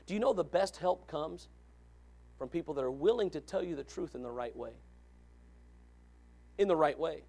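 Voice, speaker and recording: A man preaching a sermon, jumping between loud shouted lines and low murmured asides, with a gravelly edge to his voice. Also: expressive, moderate pace, long pauses. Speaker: pastor.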